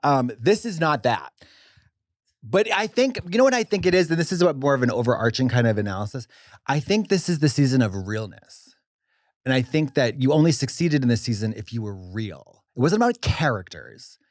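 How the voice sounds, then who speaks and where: A man co-hosting a podcast in casual chat, animated and quick with asides and swearing. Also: mid-range voice, dry recording, studio quality. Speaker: podcast co-host.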